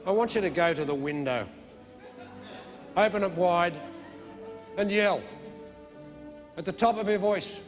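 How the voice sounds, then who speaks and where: A man hosting a comedy show, giving a mock-dramatic monologue that swings from hushed menace to loud ranting. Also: high voice, measured pace, long pauses. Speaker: comedy host. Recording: long hall reverb with music behind.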